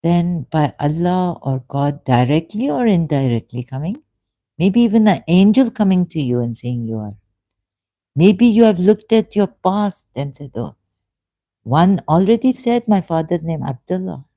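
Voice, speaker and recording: Guy, halting and earnest, dark mellow tone, dry sound. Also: high voice, very animated, no room sound. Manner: halting, many restarts and fillers, earnest and pleading. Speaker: religious video commentator. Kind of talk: emotional monologue to camera.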